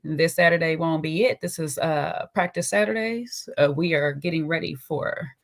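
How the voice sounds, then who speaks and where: A woman's voice: low-pitched, moderate pace. A woman hosting a casual livestream, sassy and chatty, greeting viewers by name and tagging sentences with "okay?". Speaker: livestream host.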